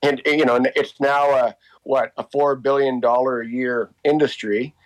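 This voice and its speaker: A man in his fifties talks loosely and warmly, circling back with "you know" and "by the way". His voice sits at a plain middle pitch for a man, and he keeps restarting his sentences as he goes. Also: fairly even intonation, normal speed, poor audio. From Canada. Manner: rambling, many fillers and restarts. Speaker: interviewee, walking tour guide. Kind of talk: casual storytelling.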